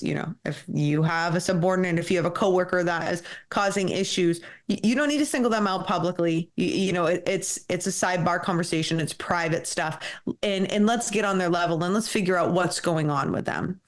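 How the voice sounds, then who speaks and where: Blunt, profane woman telling a story. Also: fairly low pitch. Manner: blunt, profane, laughs often. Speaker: podcast guest. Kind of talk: candid interview storytelling.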